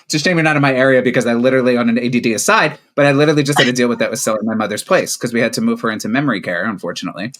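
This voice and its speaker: A man's voice: mid-range voice, very fast, few pauses, fairly bright tone. A middle-aged man, a coach appearing as a podcast guest, speaking conversationally with joking asides. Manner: conversational, self-deprecating asides. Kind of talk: casual chat.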